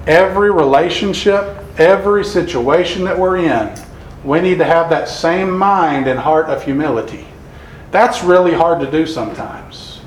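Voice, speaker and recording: Male preacher, earnest sermon delivery, somewhat high voice, roomy echo. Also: slight background noise. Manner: earnest, reads scripture slowly. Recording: echoey room.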